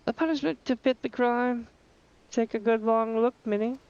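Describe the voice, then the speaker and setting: A man doing a gruff rogue guildmaster. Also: very high-pitched, steady tone, moderate pace, darkish tone. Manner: folksy, calls people lass. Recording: dull lo-fi stream audio.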